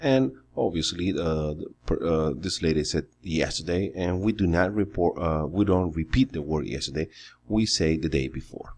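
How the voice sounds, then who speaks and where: A man teaching an English lesson, explaining grammar and vocabulary slowly and patiently, step by step. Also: sits low, animated, a little mellow, a little hiss or hum.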